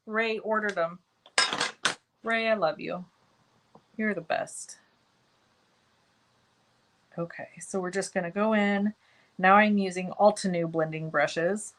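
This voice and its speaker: A woman's voice: medium pitch, a bit bright, poor audio. A woman hosting a live cardmaking tutorial, chatting as she works and answering viewer comments by name in a self-deprecating way. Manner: self-deprecating, talks while working. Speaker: crafting stream host.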